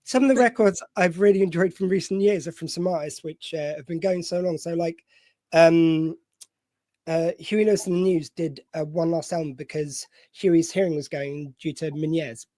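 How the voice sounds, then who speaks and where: A man's voice: a little high, steady tone, moderate pace, mellow, no echo. A man with a slightly posh voice who hosts a show. He chats casually and rambles, with many fillers and restarts. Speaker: host. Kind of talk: casual chat.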